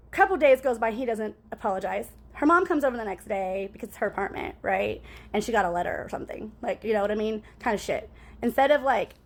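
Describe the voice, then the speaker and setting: A woman in a casual storytime monologue, rambling and cussing as she talks to her viewers and keeps asking "right?". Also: fairly high pitch.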